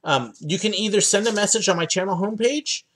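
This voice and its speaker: A man's voice: sits high, a little fast, fairly bright tone. A young man from the United States hosting a livestream Q&A from his home office, chatting casually with lots of ums and uhs. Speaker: livestream host answering viewer questions.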